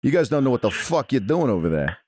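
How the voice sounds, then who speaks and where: A man's voice: medium pitch, big pitch swings, vocal fry, fairly bright tone. A man putting on a pushy, boastful New York Italian guy for a prank phone call. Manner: pushy, swaggering, fast-talking. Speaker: prank caller.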